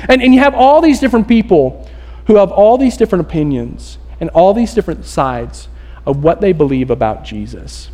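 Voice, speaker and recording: A pastor preaches from the pulpit in a church with a high, light voice, speaking casually, briskly, and with lots of energy. As he tells the story, he animatedly slips into the voices of its characters.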